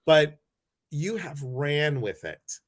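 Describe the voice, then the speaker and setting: A man's voice: on the high side, animated, slow pace, dry recording. A man hosting a casual livestream chat over a video call, effusive and greeting many viewers by name. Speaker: host.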